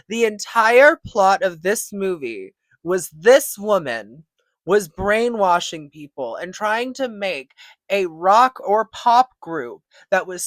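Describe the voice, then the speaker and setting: A young woman casually recapping a movie, animated and profane, often laughing. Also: mid-range voice, dry recording. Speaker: movie reviewer.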